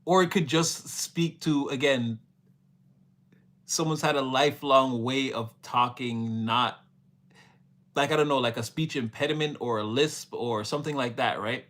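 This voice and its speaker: A man's voice: medium pitch, unhurried, fairly bright tone. A man giving a casual, rambling tarot reading, full of fillers, laughs and playful quoted voices. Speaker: tarot reader.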